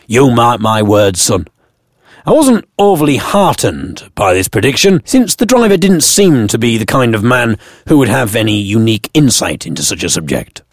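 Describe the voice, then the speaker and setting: A man's voice: medium pitch, big pitch swings, normal speed, no echo, clean studio sound. A British man telling a comic first-person story from his blog, full of wry, self-mocking asides. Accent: British English. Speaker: blogger narrating his own story.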